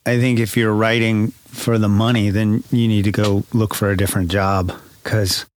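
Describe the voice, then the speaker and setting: A man's voice: fairly low pitch, level tone, normal speed, slight background noise. A man co-hosting a podcast, speaking thoughtfully and rambling, often correcting himself mid-sentence. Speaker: podcast co-host. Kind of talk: casual chat.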